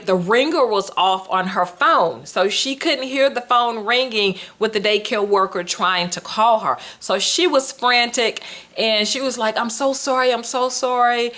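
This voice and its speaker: A woman podcast host, telling a personal story casually and acting out the dialogue. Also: medium pitch. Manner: animated, conversational, acts out quoted dialogue.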